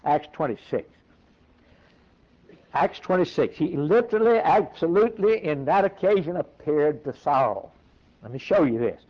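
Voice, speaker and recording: Animated preacher man, slow and lively. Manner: animated, rising to high emphatic voice for quoted lines; laughs between points. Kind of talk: sermon. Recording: dull lo-fi recording.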